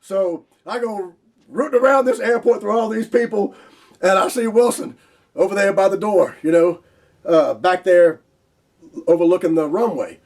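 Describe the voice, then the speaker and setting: A man with a Southern US accent telling a long personal story as host, animated and laughing often as he acts out the dialogue. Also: sits high, moderate pace. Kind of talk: casual spoken storytelling.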